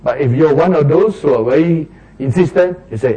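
A man preaches, his voice slightly husky and warm rather than bright. He tells everyday stories and acts out the quarrels in sudden raised voices. His voice sits a little higher than most men's. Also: expressive, normal speed, low-quality recording. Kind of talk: sermon.

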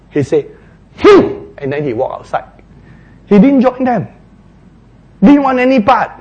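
A man preaching in a husky, high-set voice that swings in pitch as he retells a story. He speaks slowly and playfully, acting out scenes as he goes. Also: darkish tone. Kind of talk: sermon storytelling.

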